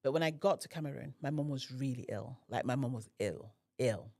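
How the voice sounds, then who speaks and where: An extremely low-pitched woman with vocal fry speaks a little fast as a podcast guest. In conversation she relates a personal story animatedly, impersonating the others who appear in it.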